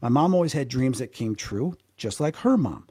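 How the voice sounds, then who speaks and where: A man tells his story in a relaxed conversation, his voice mellow and a little husky. He talks with animated energy, repeats words as he goes and acts out the people he quotes. The sound is dry and close. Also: mid-range voice, moderate pace, dry recording. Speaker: guest.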